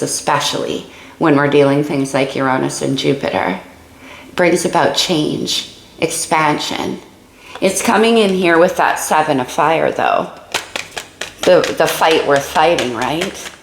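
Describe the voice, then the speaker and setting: Creaky-voiced woman reading tarot. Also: sits low, roomy sound, poor audio. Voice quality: creaky morning voice. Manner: musing and exclamatory, thinking aloud over cards. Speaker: tarot reader. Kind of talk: casual tarot reading to camera.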